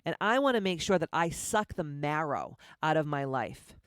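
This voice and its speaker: A woman with a deep voice hosting a motivational podcast, blunt, profane and confrontational, firing off repeated rhetorical questions. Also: expressive, normal speed, clear, resonant tone, no room sound, clean studio sound. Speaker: podcast host.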